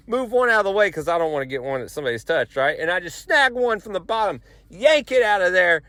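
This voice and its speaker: A man telling a story in a casual, rambling, animated way, poking fun at himself. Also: high voice, quick pace, few pauses, no echo. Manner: rambling, animated, self-mocking. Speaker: podcast host.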